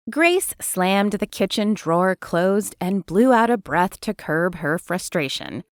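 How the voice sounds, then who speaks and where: Woman reading an audiobook, lively up-and-down voice, dry close sound. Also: medium pitch, no echo. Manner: expressive storytelling. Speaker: audiobook narrator. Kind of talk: scripted narration.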